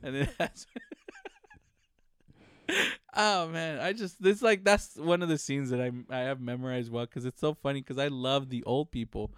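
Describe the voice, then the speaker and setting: A man co-hosting a casual podcast chat, animated and laughing often, swearing freely and acting out movie lines. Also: medium pitch, normal speed, long pauses, clear, resonant tone, no echo, clean studio sound. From United States. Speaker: podcast co-host.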